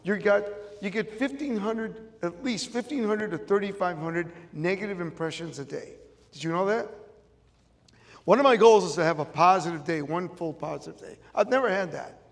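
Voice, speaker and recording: A motivational speaker, middle-aged with a Chicago accent, addresses an audience in an event room at a moderate pace, his voice sitting high. He speaks emphatically and repeats his key lines, with a large room's long reverb behind him.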